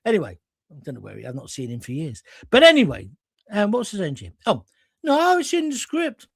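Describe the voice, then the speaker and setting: A middle-aged male host telling anecdotes in a chatty, animated way on a live show. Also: mid-range voice, fast talker, vocal fry, breathy edge, dry recording, studio quality.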